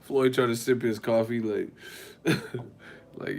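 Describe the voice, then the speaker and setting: Man, casual live-stream host, animated storyteller, swearing, faint music behind. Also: mid-range voice, takes it slowly, gravelly, long pauses. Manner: animated storytelling, swearing, loud put-on voices.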